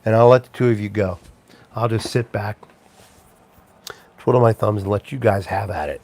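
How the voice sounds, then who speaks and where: A man's voice: on the low side, normal speed, darkish tone. A man hosting a casual livestream chat, rambling and chuckling, with plenty of ums and restarts. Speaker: live show host.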